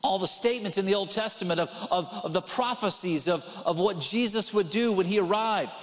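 A man with a high voice delivers a sermon, chatting with the congregation and circling back to repeat his main lines. His voice rings out with a long reverb, as if filling a large church sanctuary. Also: fairly quick, a bit bright. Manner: conversational preaching with repeated emphatic phrases. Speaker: pastor.

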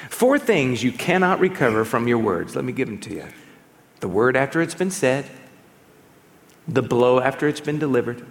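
A man preaching a sermon as pastor, in an animated, conversational way with touches of humor. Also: medium pitch. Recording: long reverb of a large hall.

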